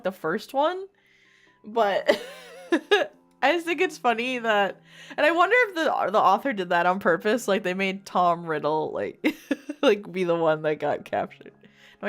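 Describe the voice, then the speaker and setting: A woman's voice: medium pitch, fairly bright tone. A young woman streamer reading bad fanfiction aloud in a casual, mocking way, laughing often and swearing freely.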